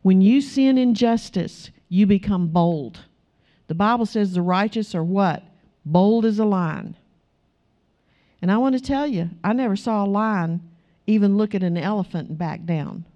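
Woman preacher, sermon, emphatic, rhetorical questions, mellow tone, muffled lo-fi recording. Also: medium pitch, a little slow. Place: church.

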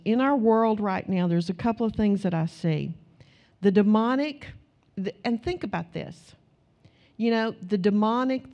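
Animated, chatty woman preacher. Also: mid-range voice. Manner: conversational, animated storytelling, many "you know"s. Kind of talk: sermon.

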